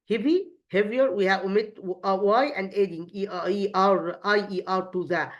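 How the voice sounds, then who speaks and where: Halting woman teaching English, muffled recording. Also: mid-range voice. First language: Arabic. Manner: halting, repeats words, asks and answers her own questions. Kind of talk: recorded classroom lesson.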